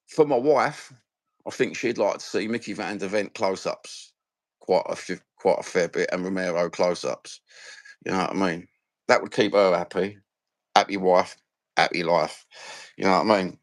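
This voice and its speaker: A man's voice: fairly low pitch, dry recording. Sweary Cockney man ranting casually. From London. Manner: animated, swearing, rambling slang-filled rant. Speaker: fan channel host. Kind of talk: casual live-stream chat.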